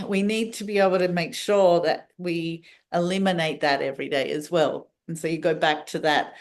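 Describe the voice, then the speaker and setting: A woman guest on a podcast, talking in a meandering, casual way with many restarts. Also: deep voice. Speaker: podcast guest, wellness practitioner. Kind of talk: casual interview talk.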